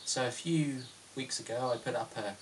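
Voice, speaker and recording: A man's voice: mid-range voice, normal speed, far from the mic, slight background noise. A man in his thirties from London with a British accent, answering viewer questions in a chatty, self-deprecating vlog with frequent ums. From London, England. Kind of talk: casual Q&A vlog.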